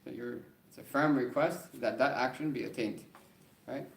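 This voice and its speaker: A man teaching an Arabic grammar class, reading the text quickly and then explaining it slowly, often checking in with "right?". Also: mid-range voice, gravelly. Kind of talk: classroom lesson. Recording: roomy classroom with faint background noise.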